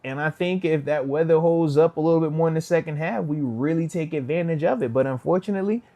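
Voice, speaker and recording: Animated man reacting after a game. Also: on the high side, fast talker. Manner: animated, talks to chat, quotes players in put-on voices. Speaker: host, retired linebacker giving post-game reaction. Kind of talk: casual live post-game commentary.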